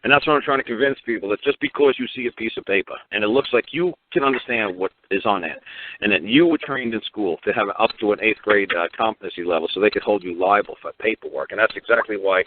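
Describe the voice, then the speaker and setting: Brooklyn guy ranting on a radio call-in, low voice, swears a lot, rushes along, sounds like a phone line. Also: dry recording. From New York, Brooklyn. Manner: rambling, profane, repeats words. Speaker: radio talk show host.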